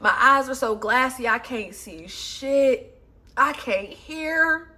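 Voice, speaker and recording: A woman tarot reader talks straight to her viewers in a casual, slangy way, swearing freely. Her voice sits a little high. She swings between loud, emotional bursts and soft, soothing stretches. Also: slow. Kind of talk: casual pick-a-pile reading.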